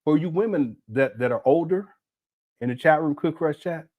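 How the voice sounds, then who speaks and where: A man's voice: fairly high pitch, normal speed, highs cut off. A man in his late forties hosting a casual reaction commentary, mocking and laughing as he talks. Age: 40s. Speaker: commentary host.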